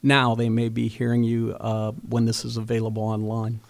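A man hosting a radio interview, rambling and halting, with many restarts and fillers. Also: medium pitch, monotone, creaky, dry recording. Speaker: radio host.

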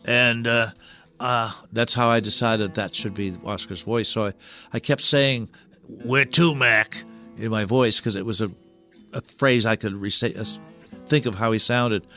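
An older man, a puppeteer, telling stories in a halting, rambling way as a guest in a radio studio. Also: lowish voice, fairly even intonation, a bit bright, soft background music. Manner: rambling, halting, full of restarts. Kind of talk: radio interview storytelling.

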